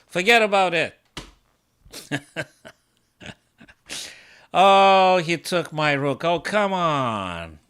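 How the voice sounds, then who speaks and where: A man talking his way through a live chess game at an unhurried, drawn-out pace. He mocks himself and breaks into sudden exclamations, with a voice of middling pitch. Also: bright, forceful tone. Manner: self-mocking, bursts into exclamations. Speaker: chess coach streaming his games. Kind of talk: thinking aloud while playing live chess.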